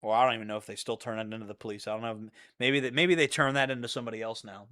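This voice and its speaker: A man's voice: on the low side, fairly even intonation, racing, bright, forceful tone. A man telling rambling, profane stories in a casual monologue, often repeating himself. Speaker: channel host.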